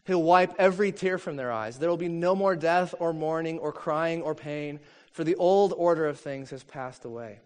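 A man preaching a sermon in an earnest, measured way, reading long quotes slowly. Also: a little high. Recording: long reverb from a hall.

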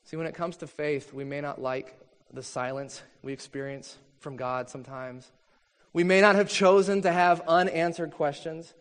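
A man preaching a sermon in an earnest, measured way, reading long quotes slowly. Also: fairly high pitch, smooth. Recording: long reverb from a hall.

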